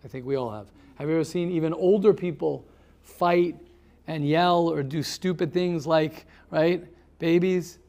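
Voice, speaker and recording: Speaking unhurriedly in a voice on the high side, a male rabbi runs a seminar, telling stories to motivate a small group. He brings the tales to life, addresses people by name and repeats words to drive his points home.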